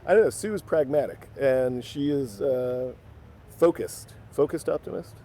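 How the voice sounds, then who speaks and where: A man co-hosting a podcast, chatting casually on a winter street and thinking out loud. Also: medium pitch, unhurried, a little hiss or hum. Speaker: podcast co-host. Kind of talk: casual outdoor chat. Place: outdoors on a city street in winter.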